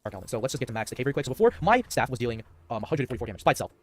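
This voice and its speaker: Man, rapid rambling gameplay explainer, average pitch. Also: big pitch swings. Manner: rambling, restarts a lot. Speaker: game video creator.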